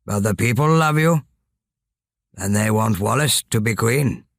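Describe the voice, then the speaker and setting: A loyal older statesman who urges his friend on with respect, read by a man. The delivery is slow and low-pitched, recorded close and dry. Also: expressive, dry recording. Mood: urging. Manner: respectful, urging.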